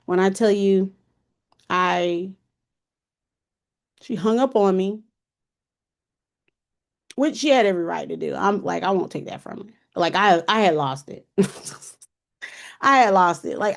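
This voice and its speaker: A woman in her thirties hosting a podcast, telling a personal story in a candid, emotional, colloquial way. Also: medium pitch. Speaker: podcast host.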